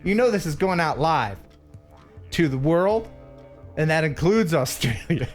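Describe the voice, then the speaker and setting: An American man hosting a casual live stream, playful and quick to laugh as he reads viewer messages. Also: fairly high pitch, sing-song, faint music behind.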